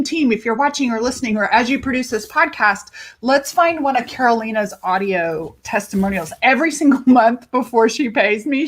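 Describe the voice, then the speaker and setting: A woman coach hosting her own podcast, talking casually with lively emphasis and free swearing. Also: a little high. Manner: animated, chatty, swears freely, stretches words for emphasis. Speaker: life and business coach, podcast host.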